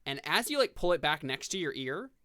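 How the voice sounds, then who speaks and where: A man narrating as game master of a tabletop game over a video call, in easygoing, halting narration. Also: a little high, sing-song, bright, forceful tone, no echo, clean studio sound.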